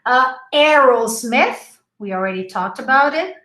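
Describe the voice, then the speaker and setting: A woman whose first language is Portuguese, teaching English pronunciation in a live online class and slowly repeating each word for her students. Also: sits high, lively intonation, a bit bright. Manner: drills words slowly and repeats them. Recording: echoey room.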